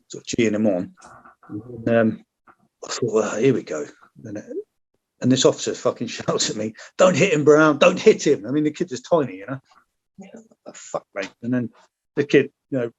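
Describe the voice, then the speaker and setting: A man's voice: mid-range voice, a little mellow. A middle-aged man, a former soldier, telling war stories in casual chat, blunt and full of swearing as he acts out what people said. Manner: blunt, heavy swearing, acts out quoted lines. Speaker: podcast guest, former soldier. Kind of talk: casual storytelling. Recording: slightly dull lo-fi audio.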